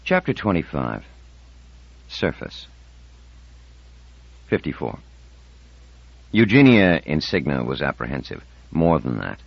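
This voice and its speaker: A man reads an audiobook in a measured, even way. His voice is very deep. The recording is dry and somewhat dull. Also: gravelly, no echo. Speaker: audiobook narrator. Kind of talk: scripted narration.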